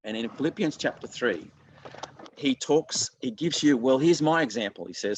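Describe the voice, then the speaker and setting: A man's voice: medium pitch, expressive, normal speed, slightly rough. A man preaching a sermon in an earnest, conversational way, often restarting his sentences. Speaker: pastor.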